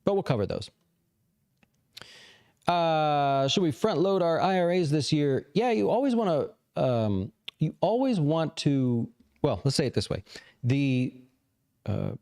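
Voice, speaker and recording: A man hosting a casual livestream, answering viewer questions in a relaxed, rambling way with lots of fillers. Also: mid-range voice. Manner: relaxed, rambling, thinks aloud with many fillers. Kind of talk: casual live chat about investing.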